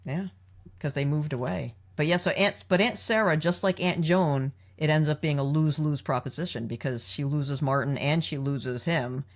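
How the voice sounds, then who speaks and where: A woman with a deep voice speaks at a moderate pace as she hosts a podcast. She goes through episodes casually but analytically, steering the conversation by putting questions to her co-host.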